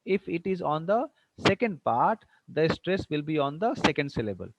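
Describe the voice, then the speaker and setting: A man's voice: a little high, sing-song, moderate pace, poor audio. Indian English teacher quizzing his class. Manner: questioning, repeats himself, mixes in Hindi phrases. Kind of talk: online classroom lecture.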